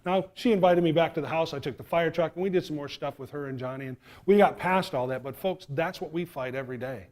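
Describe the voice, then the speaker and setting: A middle-aged man from New York giving an animated fire safety talk, acting out the voices in his stories. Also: a little high, fast talker, few pauses. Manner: animated, acts out quoted voices.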